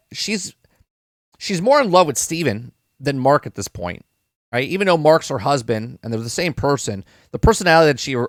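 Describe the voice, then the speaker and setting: A man's voice: on the high side, no echo, clean studio sound. A man hosting a live-stream podcast, reviewing a TV episode in casual talk, rambling, repeating words and often checking in with "right?".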